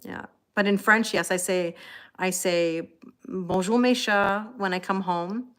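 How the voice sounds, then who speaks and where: A woman's voice: on the low side, steady tone, measured pace, fairly bright tone, clear, resonant tone. A woman hosting a livestream, chatting casually with viewers and thanking them by name. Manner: talks to her cats between comments. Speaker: tarot reader hosting a livestream. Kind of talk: casual chat with live viewers.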